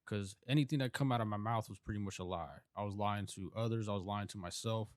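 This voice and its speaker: A man hosting a podcast, talking in a calm, reflective way as he steers the conversation. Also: fairly low pitch, fast, dry recording, clean studio sound. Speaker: podcast host. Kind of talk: casual chat.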